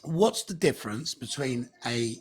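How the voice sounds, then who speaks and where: A man calling into a phone-in show, relaxed and joking around. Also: medium pitch, a little slow, husky. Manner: jokey, relaxed. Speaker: caller. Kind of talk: call-in chat.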